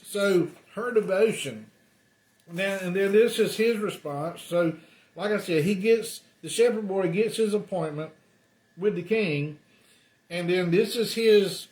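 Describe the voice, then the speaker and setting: A man's voice: high-pitched, measured pace, darkish tone. A man preaching a sermon, telling the story in a loose conversational way with lots of ums and uhs. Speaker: pastor. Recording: roomy echo.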